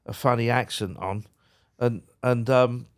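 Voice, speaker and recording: Male podcast guest, mid pitch, casual anecdote-teller who trips over words. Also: steady tone, unhurried. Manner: chatty, repeats words when starting, colloquial. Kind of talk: casual storytelling chat.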